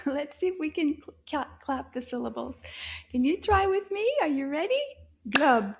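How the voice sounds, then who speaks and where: A woman teaching young children a language lesson, talking in a slow, exaggerated, animated way with frequent gasps and hushed whispers. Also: high voice, creaky.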